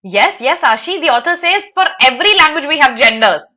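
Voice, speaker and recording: A woman with an Indian English accent, a native Hindi speaker, teaching a live online lesson, animated and teasing, firing off rhetorical questions. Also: high-pitched, fairly quick.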